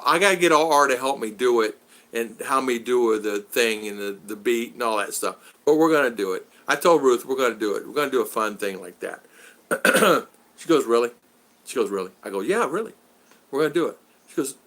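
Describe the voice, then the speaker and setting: A man chatting casually on a livestream from outdoors, rambling and animated as he greets viewers by name. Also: mid-range voice. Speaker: vlogger reading live chat. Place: outdoors in the Philippines.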